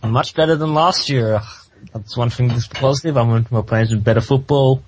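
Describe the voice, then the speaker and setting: A man, a guest on a casual football podcast, giving loose, halting answers with many fillers. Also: mid-range voice, slight background noise, rough recording.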